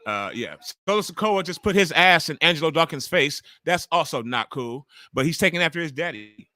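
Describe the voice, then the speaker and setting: Brief: bright, dry-sounding man in his forties, livestream host, excitable and cursing, talks over the action. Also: a little high, fairly quick, no echo. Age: 40s. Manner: loud, profane and excitable, reacting to the action. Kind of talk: live commentary while watching wrestling.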